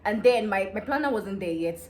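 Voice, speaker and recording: This is a young woman with a Nigerian accent, recounting a personal story for her vlog audience. She speaks at a rapid clip in a mid-range voice, animated and excitable. A faint hum of room ambience sits under her voice. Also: medium pitch. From Nigeria, Delta State. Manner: animated and excitable, breaks into laughter. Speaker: vlogger. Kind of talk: casual storytelling gist.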